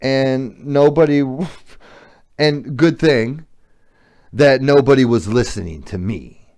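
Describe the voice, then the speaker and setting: With a mid-range, darkish voice and an unhurried delivery, a middle-aged podcast host shares a confessional story about himself. He's blunt and swears freely.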